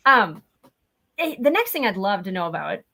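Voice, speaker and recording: A woman's voice: mid-range voice, big pitch swings, normal speed, gravelly, bright, forceful tone. Woman podcast host asking questions, upbeat and appreciative. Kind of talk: casual interview chat.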